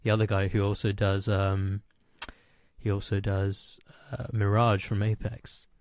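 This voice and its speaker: A man's voice: on the low side, level tone, a little slow, a little mellow, no echo, studio quality. A man co-hosting a podcast, rambling through nerdy details in casual chat. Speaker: podcast co-host.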